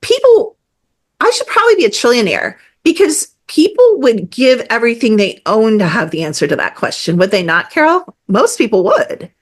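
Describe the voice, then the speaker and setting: Animated woman, emphatic podcast guest. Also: fairly high pitch, normal speed. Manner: animated, emphatic, with many fillers and quoted asides. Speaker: guest energy healer. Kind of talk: casual podcast conversation.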